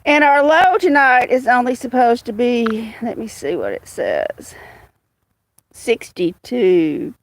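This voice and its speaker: A woman hosting a casual livestream outdoors, greeting viewers by name in a slow, chatty way. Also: on the high side, big pitch swings, no echo. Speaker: livestream host. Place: outdoors with cats.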